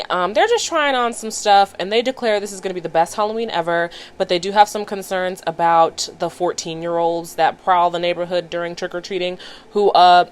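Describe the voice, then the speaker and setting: A woman vlogger casually recapping a cartoon episode with chatty, playful commentary. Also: on the low side.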